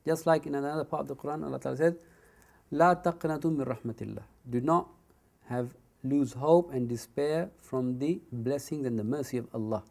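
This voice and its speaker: A man giving a Quran commentary lesson, reciting Arabic verses quickly and then explaining them in English with frequent asides. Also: fairly high pitch, gravelly, warm tone.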